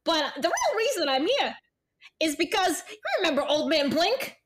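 A woman puts on a shy, lovestruck young man with a southern drawl. His voice comes out squeaky and high, and it stammers and swoops widely. A faint hiss sits behind it. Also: sing-song, normal speed. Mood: earnest. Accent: put-on southern drawl.

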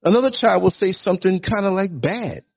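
A man's voice: high voice, expressive, fairly quick, gravelly, husky. A man in his sixties hosting a podcast, delivering a blunt, provocative, preachy rant. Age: 60s. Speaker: podcast host. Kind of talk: ranting monologue. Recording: tinny phone-like line.

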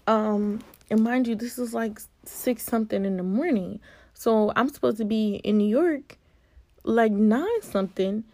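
A woman in her early twenties from Virginia, vlogging a casual storytime with an animated, expressive delivery. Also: mid-range voice, unhurried, no room sound. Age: early 20s.

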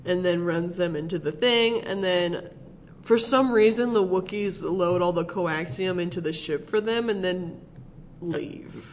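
A man's voice: high voice, measured pace, hardly any pauses, slight background noise, rough recording. A man co-hosting a podcast, rambling through a film recap in casual chat and laughing often. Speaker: podcast co-host.

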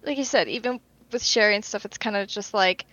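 A woman co-host chatting casually on a podcast, animated and talkative, with the odd swear slipping in. Her voice sits at an ordinary middle pitch. The recording is dry and a little dull, with no room echo. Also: brisk.

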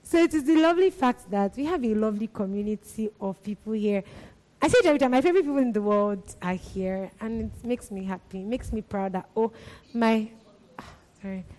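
A woman's voice: fairly high pitch, fairly quick, darkish tone. A woman exhorting church volunteers, talking in emphatic repetitions and laughing often. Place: church hall. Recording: long reverb of a church hall.

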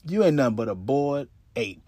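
A man's voice: mid-range voice, sing-song, normal speed, mellow, no room sound, studio quality, pitched below the performer's own voice. A man quoting a weary, exasperated father who curses while pushing back in an argument. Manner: exasperated, profane.

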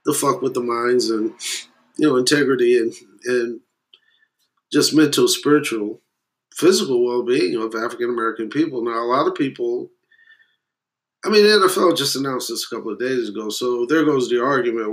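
A man rants bluntly into the camera in a profane monologue. His pitch sits right in the middle of the usual male range. He keeps swinging between loud, emphatic jabs and low, muttered asides. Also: moderate pace. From West Indian heritage. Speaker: commentator. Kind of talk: profane opinion rant.

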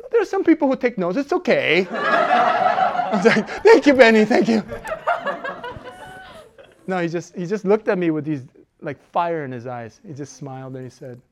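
A middle-aged woman pastor preaching a sermon in an animated way, moving from loud exhortation to quiet intensity and laughing often. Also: fairly low pitch, normal speed.

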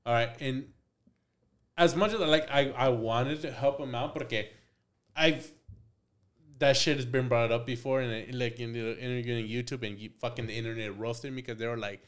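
A young man spinning a story on a podcast, lively and loose. He acts out every part of the dialogue himself, swears often, and slips into bits of Spanish along the way. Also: medium pitch, normal speed. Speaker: podcast guest, tattoo artist. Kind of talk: casual storytelling.

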